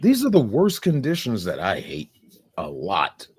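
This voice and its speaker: Husky guy ranting on a stream, swearing a lot, voice jumps all over, dry sound. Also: on the low side, a little slow, no echo. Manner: profane, animated ranting. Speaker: stream host. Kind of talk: casual reaction commentary.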